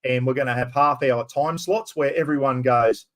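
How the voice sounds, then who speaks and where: An Australian man hosting a casual live stream, loud and rambling, swearing freely as he chats. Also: mid-range voice, normal speed.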